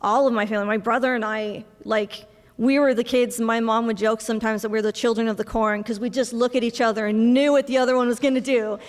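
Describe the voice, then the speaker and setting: A young woman giving a memorial speech for her mother, telling family stories with soft laughs and acting out bits of dialogue. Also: fairly high pitch, level tone, fast talker. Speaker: eulogy speaker, daughter of the deceased. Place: memorial service hall. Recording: long reverb of a large hall.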